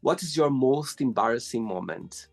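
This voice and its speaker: A man's voice: medium pitch, lively intonation, moderate pace, creaky, dry recording, soft background music. A man from Brazil hosting an interview show, friendly and teasing as he asks questions. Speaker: host. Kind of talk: casual interview chat.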